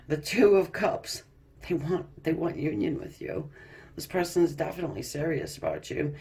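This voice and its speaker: A woman reads tarot cards in a relaxed, chatty way. She laughs often, trips over her own words and swears freely. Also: low voice, a little slow, gravelly, pauses often. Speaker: tarot reader. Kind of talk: casual tarot card reading.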